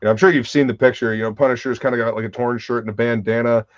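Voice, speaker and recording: A man's voice: mid-range voice, fairly even intonation, racing, no room sound. A man hosting a live stream in casual chat, enthusiastic and swearing freely as he talks comics. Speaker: livestream host. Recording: slightly dull, lo-fi stream audio.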